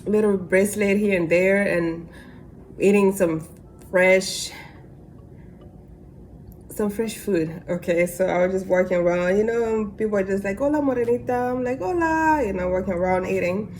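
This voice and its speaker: Young woman from Africa, casual storytelling while eating, animated, faint room hum. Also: medium pitch, a little slow, pauses often. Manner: animated, acts out voices in quotes. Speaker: mukbang vlogger.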